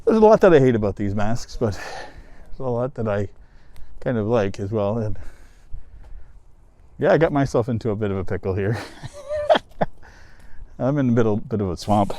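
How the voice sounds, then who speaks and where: A man's voice: on the low side, lively intonation, normal speed, pauses often, dark tone. A man from the US East Coast vlogging on a forest trail, talking casually, laughing and swearing, out of breath from climbing, recorded on a handheld camera outdoors. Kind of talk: casual vlog narration while hiking. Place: wooded ravine trail outdoors.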